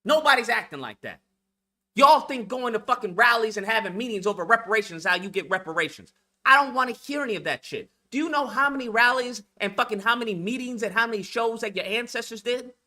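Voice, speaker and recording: A man's voice: very high voice, lively intonation, quick pace, pushed and bright. A man delivering a profane, confrontational rant to the camera for his video channel. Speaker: YouTube commentator. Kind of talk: ranting vlog monologue.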